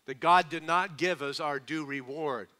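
A man preaching a sermon to a congregation, asking them questions and swinging between hushed, quick asides and slow, emphatic lines. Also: on the high side. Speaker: pastor.

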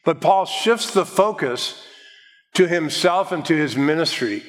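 Pastor teaching verse by verse. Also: male voice, fairly high pitch, expressive, in a large hall. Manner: measured, explanatory, slows to stress key words. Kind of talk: expository Bible teaching sermon.

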